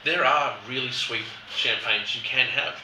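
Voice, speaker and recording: A man leading a casual wine tasting chat, animated and acting out quotes in a lively voice. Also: medium pitch, measured pace, background noise. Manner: animated, acts out quotes with rising voice. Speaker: wine educator host. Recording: roomy, distant mic, faint background.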